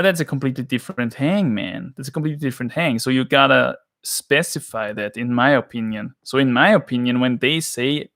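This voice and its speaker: A man from Austria with an Austrian accent, chatting casually on a livestream from his flat, emphatic and ranting, often tagging lines with "yeah?". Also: mid-range voice. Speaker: livestream host. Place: home flat.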